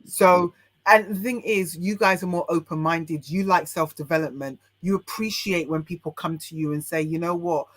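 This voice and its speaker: A woman's voice: lowish voice, moderate pace, a bit bright, no room sound. Frank, opinionated British woman. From United Kingdom. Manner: frank and opinionated, many restarts. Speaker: podcast guest, life coach. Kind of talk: casual podcast chat.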